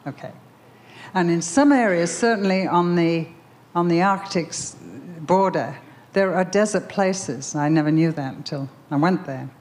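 At a Bible conference, a woman with a fairly low, slightly mellow voice preaches unhurriedly. She relates a story using emphatic repetition and then leads a prayer.

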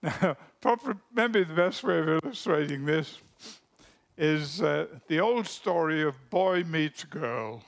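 A man preaching a sermon in a deliberate, emphatic way, letting his phrases trail off softly at the ends. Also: on the high side, lively intonation, creaky.

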